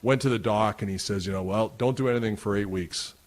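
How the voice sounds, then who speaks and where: A middle-aged man from Canada telling a story casually, laughing often and getting animated as it goes. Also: lowish voice, quick pace. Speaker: guest, wrestling announcer.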